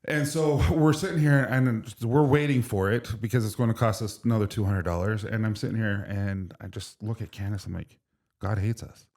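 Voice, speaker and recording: A man's voice: on the low side, fairly even intonation, fairly quick, darkish tone. A man in his forties, a podcast guest, telling a candid, emotional story with frequent restarts in casual chat. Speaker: podcast guest, brand co-founder.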